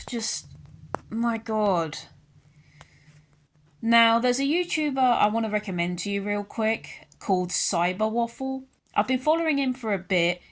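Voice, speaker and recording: A young British woman ranting angrily into her channel's camera, sarcastic and worked up, her pitch jumping up and down as she talks. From United Kingdom. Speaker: YouTuber. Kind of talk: ranting vlog commentary.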